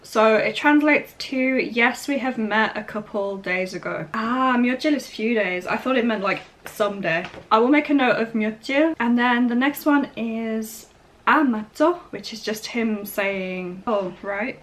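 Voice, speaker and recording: A young woman hosting a language-learning vlog, chatting casually as she breaks down phrases, sounds out words slowly and laughs often. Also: fairly high pitch, a bit bright, a little hiss or hum. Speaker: vlog host learning Korean. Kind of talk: casual explaining of phrases and line-reading.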